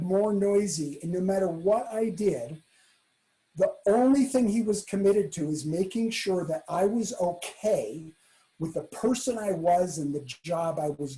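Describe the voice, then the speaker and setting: A man telling a personal story at a talk, acting out the people he quotes in a hushed voice. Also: high voice, poor audio. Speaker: keynote speaker.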